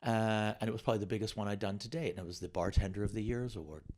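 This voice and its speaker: Middle-aged male comedian, slightly low voice, animated halting storyteller. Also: slight background noise. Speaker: comedian guest. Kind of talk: storytelling anecdote on a podcast.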